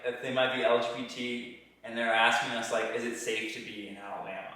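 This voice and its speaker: A man's voice: mid-range voice, steady tone, fairly quick, bright, forceful tone, very echoey, far from the mic, rough recording. A young man from Georgia with a mostly standard American accent, chatting as a podcast guest in loose, restarting sentences full of "like". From Georgia, United States. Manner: talks in loose restarts with many "like"s. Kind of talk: casual interview conversation.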